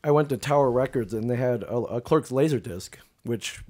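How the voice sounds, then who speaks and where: Man, podcast guest, casual storytelling, animated, acts out quotes, laughs often, mid pitch. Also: normal speed.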